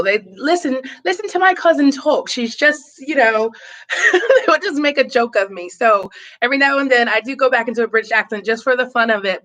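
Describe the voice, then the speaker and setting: A woman's voice: fairly high pitch, fairly bright tone. A woman who was born in Boston and raised in Tampa, Florida, chatting casually in her living room by the fire on a live stream. She reads viewer comments aloud, laughs often and talks with lots of fillers.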